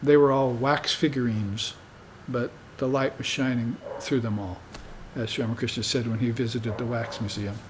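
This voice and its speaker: A man speaking as a spiritual teacher to a room of students, with a mid-pitched voice. He talks in an unhurried, conversational way and keeps checking in with "you see". A faint hiss sits under the recording. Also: fairly even intonation. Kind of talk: dharma talk.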